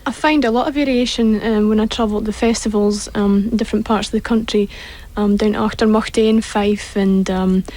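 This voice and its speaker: A woman's voice: medium pitch, fairly even intonation, brisk, dark tone, low-quality recording. A young woman talking on a radio panel, hesitant with many ums. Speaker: panel guest.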